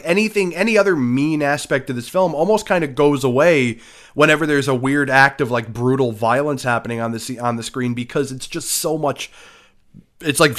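A man's voice: a little high, a bit bright. A man co-hosting a film podcast, rambling and swearing in casual chat. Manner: rambling, profane, many restarts. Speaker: podcast co-host reviewing a film.

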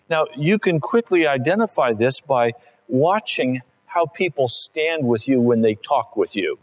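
A male pastor preaching in a relaxed, conversational way and acting out small everyday scenes. He speaks slowly and deliberately, with a voice of ordinary middle pitch. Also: poor audio. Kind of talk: sermon.

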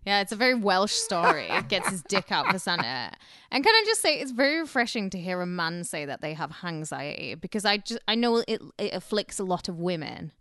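A woman's voice: mid-range voice, big pitch swings, brisk, fairly bright tone. A woman co-hosting a podcast in casual chat, chatty and laughing often. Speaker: podcast co-host.

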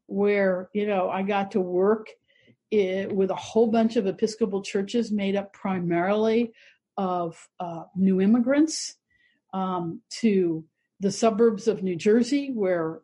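Husky older woman telling her story. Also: medium pitch, darkish tone. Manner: reflective, earnest, lightly humorous. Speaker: Episcopal priest, interview guest. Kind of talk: personal storytelling in conversation.

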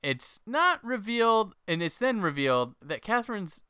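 A man hosting a podcast, recapping a movie plot in a casual, animated way with laughing asides. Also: high voice, normal speed, clear, resonant tone, no echo, muffled recording. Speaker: podcast host.

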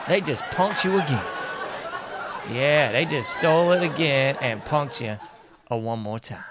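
A man's voice: mid-range voice, expressive, a little slow, fairly bright tone. A man hosting casual political commentary in a sarcastic, mocking tone, often laughing and repeating sing-song refrains. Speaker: commentary host.

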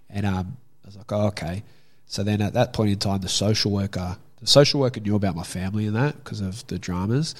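Husky young Australian man, candid and blunt. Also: fairly low pitch, a little fast. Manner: candid and blunt, swears freely. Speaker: guest. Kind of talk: casual storytelling.

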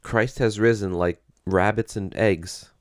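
A man's voice: on the low side, steady tone, measured pace, dry recording, studio quality. A man co-hosting a podcast in laid-back casual chat, with a wry manner. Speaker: podcast co-host.

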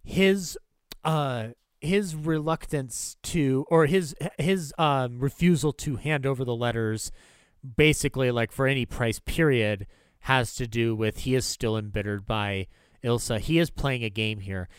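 A man hosting a film podcast in casual chat, swearing freely, excitable, and acting out movie lines as he retells scenes. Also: mid-range voice, measured pace, smooth, dry recording, studio quality. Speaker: podcast host.

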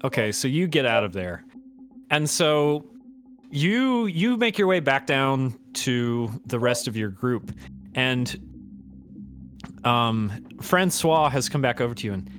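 A man running a tabletop game, chuckling often as he narrates in a loose, rambling way. His voice sits in a middle pitch, with soft music playing behind him. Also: sing-song, slow pace. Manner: laughing, rambling with many fillers. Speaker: game master.

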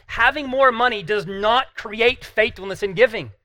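A man delivers an earnest sermon, pressing his points with emphasis and rhetorical questions. His voice sits high and bright. The sound is dry and close. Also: moderate pace, dry recording. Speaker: pastor.

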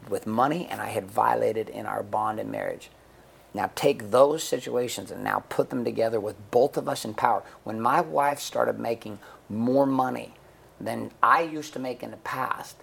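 A man's voice: mid-range voice, creaky, breathy edge. A middle-aged man speaking bluntly and profanely in a candid interview, telling stories with acted-out quotes. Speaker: guest, men's coach and author.

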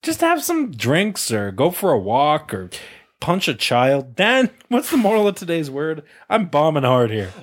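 Lively-voiced young man hosting, laughing often. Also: a little high, a little slow. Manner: joking, laughs often, rambling. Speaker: podcast host. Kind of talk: casual chat.

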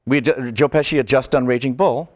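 A man's voice: medium pitch, quick pace. A male comedian telling show-business stories in a casual talk-show chat, stumbling and restarting as he goes. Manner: lively storyteller who stumbles and restarts. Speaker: comedian guest.

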